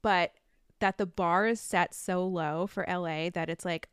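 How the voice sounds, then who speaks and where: Playful woman with a smooth voice. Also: lowish voice, fairly even intonation, measured pace, no room sound, studio quality. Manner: playful, teasing, laughs easily. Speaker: podcast co-host. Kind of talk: casual chat.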